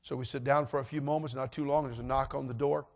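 A middle-aged man preaching, telling a story and acting out voices with animated delivery. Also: mid-range voice, fast talker, creaky. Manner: animated, acts out voices in anecdotes. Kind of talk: sermon storytelling.

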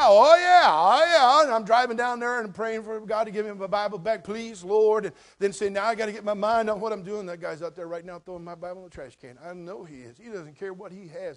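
An older man preaching a folksy sermon as pastor, swinging between quiet asides and loud emphatic lines. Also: sits high. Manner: folksy, jokey, addresses crowd as brother.

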